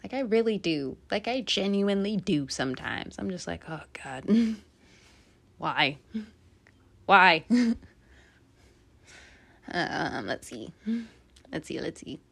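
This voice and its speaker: A young woman giving a casual, animated tarot reading, swearing freely and laughing often. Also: medium pitch, measured pace, creaky, pauses often. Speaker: tarot reader.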